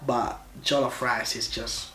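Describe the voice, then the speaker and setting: A young man co-hosting a casual couple vlog, explaining things in a relaxed way and laughing easily. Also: mid-range voice, slow, faint music behind. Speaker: vlog co-host. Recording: echoey room.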